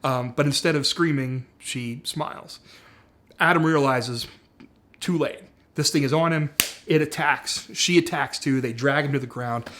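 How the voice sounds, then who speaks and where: Casual man talking through a story pitch. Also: measured pace, a bit bright, a little hiss or hum. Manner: conversational, frequent "like" and "uh". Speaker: screenwriter pitching a series.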